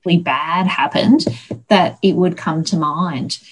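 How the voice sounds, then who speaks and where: Aussie woman guest, chatty storyteller, lowish voice. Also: a little slow, slightly rough. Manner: chatty, animated anecdotes with laughs. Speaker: guest, local music historian. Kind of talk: casual storytelling interview.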